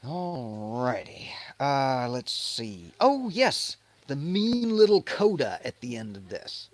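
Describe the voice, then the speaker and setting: A man's voice: medium pitch, big pitch swings, slow, no echo. A man hosting a casual livestream commentary, sardonic and profane, mocking as he talks. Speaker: host.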